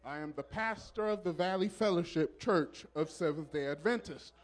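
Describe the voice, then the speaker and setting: A man who is a pastor, speaking in church in a preacherly style with loud exclamations and call and response. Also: on the high side, normal speed. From Southern California. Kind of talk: church welcome speech. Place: church sanctuary.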